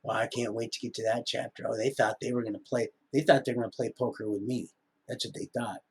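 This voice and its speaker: A man's voice: mid-range voice, flat delivery, quick pace, slightly rough. A middle-aged man rambling through a live-stream monologue, often wandering off topic. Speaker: livestreamer.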